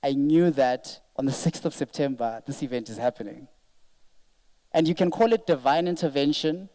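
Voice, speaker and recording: A man's voice: medium pitch, normal speed, mellow, rough recording. A man, the event organizer, giving an earnest and emotional thank-you speech to an audience at a live event. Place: event venue, speaking to an audience.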